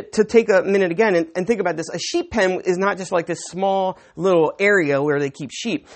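Lively conversational preacher. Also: male voice, sits high. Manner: conversational teaching with rhetorical questions and restarts. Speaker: pastor. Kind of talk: sermon. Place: room with a live audience.

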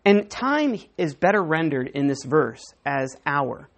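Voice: medium pitch, sing-song, a little slow, vocal fry. A preacher giving a sermon, walking through a Bible passage verse by verse and acting out the quoted dialogue, with frequent self-corrections.

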